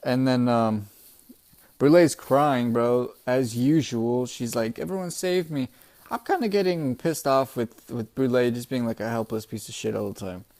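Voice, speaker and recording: Young man, casual recap, excitable, swears a lot, middle-pitched voice, says bro. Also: unhurried. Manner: excitable, profane, peppered with "bro". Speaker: manga chapter reviewer.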